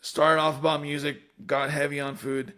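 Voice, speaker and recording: A man's voice: a little high, flat delivery, moderate pace, a bit bright. Joking male podcast host. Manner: joking, wraps up the talk. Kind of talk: casual podcast chat.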